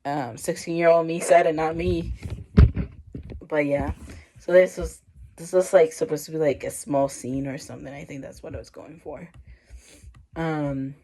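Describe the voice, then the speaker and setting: A woman's voice: low-pitched, fairly even intonation, moderate pace, long pauses, mellow, slight background noise, low-quality recording. A woman in her twenties casually reading her old writing, rambling and self-mocking with lots of fillers. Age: 20s. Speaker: vlogger.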